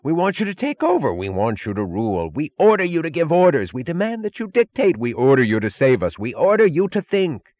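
A man's voice: big pitch swings, fairly quick, few pauses, darkish tone. Shrieking panicked men, as a male narrator voices them. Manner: shrill, frantic, overlapping demands. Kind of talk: audiobook character voice.

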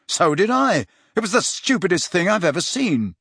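A man's voice: high-pitched, sing-song, normal speed, gravelly, fairly bright tone, husky, no room sound, studio quality, voice pushed up, heavily acted. A man voicing a blunt teenage schoolboy in a storybook reading.

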